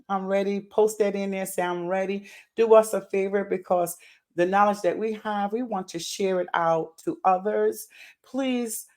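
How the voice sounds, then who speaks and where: A woman hosts a live stream in a chatty, excited way. She repeats her greetings over and over and talks to her viewers as "y'all". Her pitch sits in the middle for a woman. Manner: uses Southern US words like y'all. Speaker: livestream host and founder. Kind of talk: casual live-stream chat.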